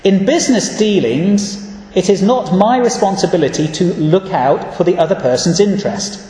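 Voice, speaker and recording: A man giving an earnest, measured sermon and reading scripture verses aloud, recorded in a church. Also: high-pitched, expressive, mellow. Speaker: preacher. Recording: echoey church hall.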